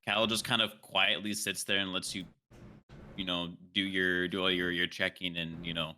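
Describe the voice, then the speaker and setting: A man playing a tabletop game, quietly describing his character's actions. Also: deep voice, level tone, normal speed, slight background noise. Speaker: player. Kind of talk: tabletop role-play narration.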